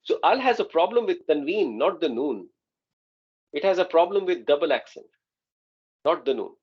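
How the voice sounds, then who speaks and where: A man's voice: fairly high pitch, big pitch swings, moderate pace, slightly rough, dull audio. A man teaching an Arabic grammar class online, explaining patiently and often checking that students follow.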